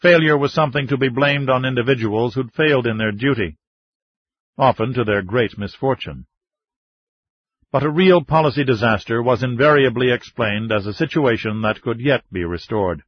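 A male audiobook narrator tells the story in a steady, measured way. His voice is husky and the sound is dry and close, on a dull, muffled recording. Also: mid-range voice, no echo.

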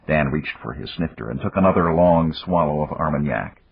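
Husky-voiced male audiobook narrator. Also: very deep voice, big pitch swings, moderate pace, no echo. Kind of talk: scripted narration. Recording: dull lo-fi, dry recording.

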